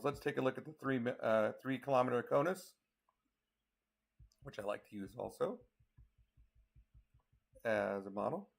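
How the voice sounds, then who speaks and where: Gravelly tired man going over weather maps. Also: mid-range voice, moderate pace, pauses often. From Colorado. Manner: talks through model maps, counting hours aloud. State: tired, yawning. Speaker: storm chaser giving a weather update. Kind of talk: casual live weather briefing.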